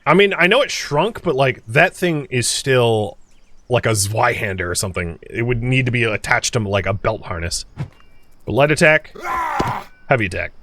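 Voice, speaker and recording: Hosting a let's play, this man offers casual gameplay commentary in a medium-pitched, slightly bright voice with lively intonation and a normal pace. He's chatty, frequently chuckling as he thinks out loud and addresses viewers directly.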